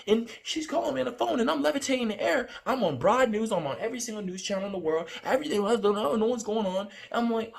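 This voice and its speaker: A man vlogging as he recounts a dream, talking in a rambling, excitable way with many fillers and restarts. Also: high voice, fast talker, creaky. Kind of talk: casual storytelling to camera.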